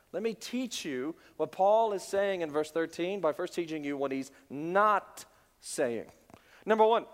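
A male pastor preaching a sermon, swinging from loud emphasis down to hushed near-whispers. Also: extremely high pitch. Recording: long reverb of a large hall.

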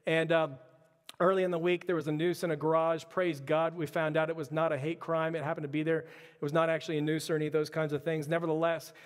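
A man's voice: on the high side, in a large hall. A man preaching a sermon in a church, driving his point home with repeated rhetorical questions. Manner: impassioned, repetitive rhetorical questions. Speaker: pastor.

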